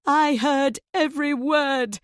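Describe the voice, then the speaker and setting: A woman voicing a middle-aged wife who shouts fiercely and gives commands, furious at her husband. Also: mid-range voice, unhurried, dry recording, clean studio sound, close to an everyday voice.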